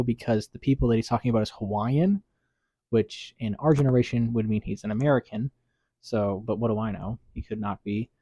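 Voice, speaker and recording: A man's voice: mid-range voice, dark tone, no room sound. A man hosting a casual commentary video, rambling with lots of fillers and restarts. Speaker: YouTube commentator.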